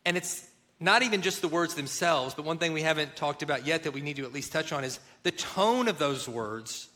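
A man's voice: a little high, animated, a little fast, bright, forceful tone. A man co-hosting a faith-based marriage talk, speaking earnestly and telling stories with acted-out quotes. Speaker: co-host of a marriage show.

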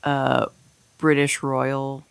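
Low-voiced woman rambling candidly. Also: completely flat delivery, drawn-out words, gravelly, clear, resonant tone, dry recording. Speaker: podcast host. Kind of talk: casual chat.

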